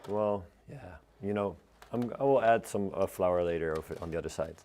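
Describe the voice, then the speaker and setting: Hoarse Dutch man, low voice. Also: a little fast. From Netherlands. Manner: relaxed, chatty, many fillers. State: hoarse, unwell voice. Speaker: florist and floristry teacher. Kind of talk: casual live demonstration.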